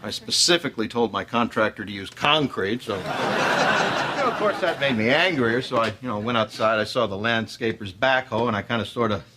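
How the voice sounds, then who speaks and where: An actor playing a blustering, brash boss who teases and boasts in bombastic sitcom style. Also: male voice, mid-range voice, expressive, moderate pace, natural voice. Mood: boastful. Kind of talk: sitcom acting. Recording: noisy sitcom track with audience laughter.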